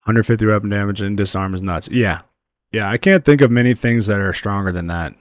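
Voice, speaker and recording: A man with a lowish voice streams a video game, talking a little fast in clean, studio-quality audio with no room sound. Relaxed, he chats casually with viewers while playing and yells excitedly whenever a lucky loot drop lands.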